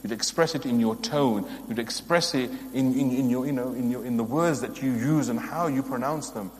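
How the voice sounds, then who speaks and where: A man's voice: mid-range voice, normal speed. Earnest male religious teacher in reverberant hall. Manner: earnest, emphatic rhetorical questions. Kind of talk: religious lesson.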